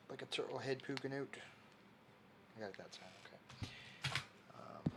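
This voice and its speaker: A man's voice: mid-range voice, very noisy. A young man hosting a livestream, chatting casually and reading viewer comments aloud while fixing his setup. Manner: rambling, reads chat aloud while fiddling with setup. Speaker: livestream host.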